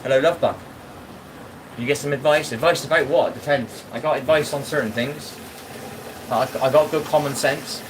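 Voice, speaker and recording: A man's voice: mid-range voice, moderate pace, long pauses, a little hiss or hum, rough recording. A man chatting bluntly with his live chat while washing up, often asking if you know what he means. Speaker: live streamer. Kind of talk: casual live-stream chat.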